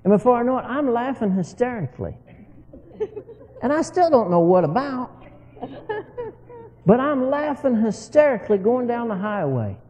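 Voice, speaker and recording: Lively folksy preacher man. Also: very high-pitched, normal speed, pauses often, long reverb tail, rough recording. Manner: folksy, animated, laughs while telling his story. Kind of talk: sermon storytelling.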